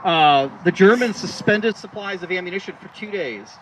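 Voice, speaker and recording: A man's voice: high voice, expressive, moderate pace. A man giving a rambling outdoor history talk at a re-enactment, with many fillers and restarts. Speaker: re-enactment presenter. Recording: distant outdoor recording with loud background noise.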